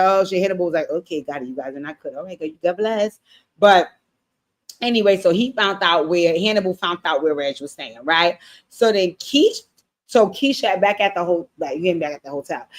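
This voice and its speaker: Animated, profane woman recapping a show. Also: lowish voice. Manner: animated, blunt and profane, addressing viewers directly. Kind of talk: casual show recap commentary.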